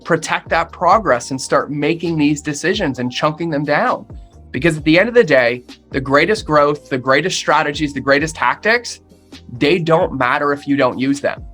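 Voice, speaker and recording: A man's voice: on the high side, moderate pace, a bit bright, soft background music. A man talking as a podcast guest, with an emphatic, punchy way of speaking that repeats phrases for effect. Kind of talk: motivational interview talk.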